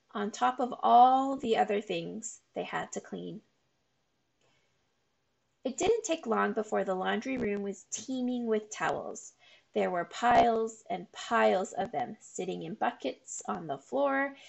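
A woman reads a children's chapter book aloud as a steady storyteller. Her voice has a very gravelly, creaky texture, and her pitch sits in the middle range for a woman.

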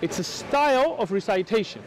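A man's voice: high-pitched, expressive, normal speed, rough recording. Insistent American man debating outdoors. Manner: insistent, lecturing, talks over the other man. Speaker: Muslim debater. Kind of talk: heated street debate.

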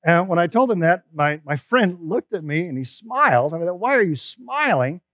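In this Easter sermon, a pastor tells personal stories emphatically and conversationally, tripping and restarting along the way. He sounds animated, brisk and a bit bright, high-pitched for a man, captured in a dry, close recording with barely any room around it.

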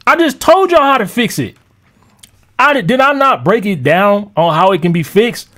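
A man's voice: high voice, animated, normal speed, bright, forceful tone. A man ranting on a live stream to his chat as a music producer, heated, mocking and profane.

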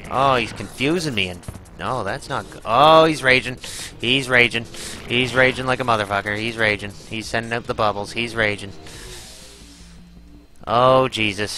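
A man's voice: fairly low pitch, pushed and bright, low-quality recording. A man giving live gameplay commentary, exclaiming, groaning and swearing as he fights a boss. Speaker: gaming channel host.

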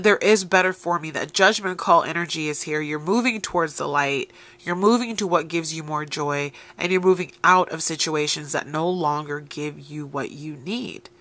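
A woman reads tarot cards aloud to her viewers, urging them on. Her voice is low-pitched for a woman but bright and forceful in tone, and she talks directly and encouragingly. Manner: encouraging, addresses listeners directly. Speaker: tarot reader. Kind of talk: tarot reading addressed to viewers.

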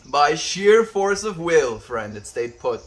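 Outdoors on a windy day, a man from South Africa with Afrikaans as his first language livestreams and casually reads out the chat, addressing everyone as his friend. He speaks slowly in a sing-song voice on the high side, with slight background noise.

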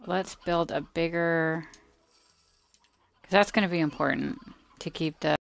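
Slow, gravelly woman narrating her gameplay. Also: low voice, fairly even intonation, dry recording. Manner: chatty, talks to the game creatures, mock-scolding, drops to murmurs. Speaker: gameplay video maker. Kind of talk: casual gameplay commentary.

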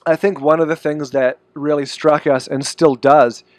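A man's voice: a little high, fairly even intonation, moderate pace, no echo. A young man from New Zealand with a New Zealand accent, a band musician chatting casually and easily as an interview guest.

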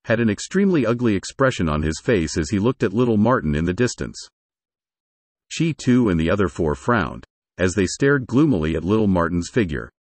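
Story narrator, man, low husky voice, lively lilt, dry close sound. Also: no echo. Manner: steady storytelling.

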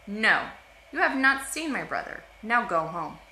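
A woman reading a storybook aloud, voicing a calm, wise young woman who questions firmly and commandingly. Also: medium pitch, a little slow, a little hiss or hum, heavily acted. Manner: calm, then commanding and firm. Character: stern, wise young woman guarding her brother. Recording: roomy echo.

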